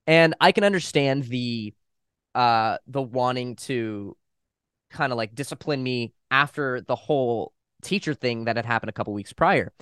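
A young man, a podcast guest, casually telling a story at a fast, animated pace and quoting other people as he goes. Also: medium pitch, clean tone, dry recording, clean studio sound. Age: young adult. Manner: fast, animated retelling with quoted voices and swearing.

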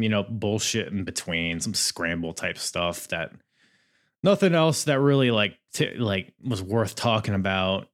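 Laid-back joking male podcast host. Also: medium pitch. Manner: laid-back, chatty, jokey, laughs between remarks. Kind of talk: casual solo podcast recap.

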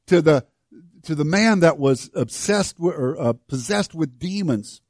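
A man preaching a sermon to his church, swinging from hushed, slow lines to loud, fervent ones. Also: on the high side, lively intonation, no room sound, studio quality. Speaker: pastor.

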